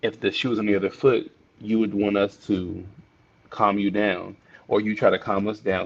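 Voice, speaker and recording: Low steady guy talking earnest on a podcast, repeats stuff to drive it home, kinda muffled sound. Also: moderate pace, gravelly. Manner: earnest, emphatic, repeats phrases for stress. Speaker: podcast guest. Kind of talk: casual conversation. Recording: dull, muffled audio.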